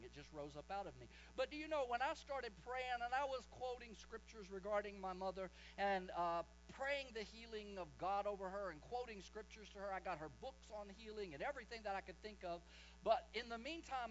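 High-voiced preacher, slow swelling emphasis. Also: male voice, muffled recording, a little hiss or hum. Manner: impassioned, slows and swells for emphasis. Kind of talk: sermon.

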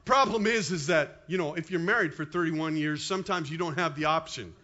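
Pastor, male, 50s, high voice, chatty sermon delivery, slightly dull recording. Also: brisk. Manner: animated, conversational preaching with asides.

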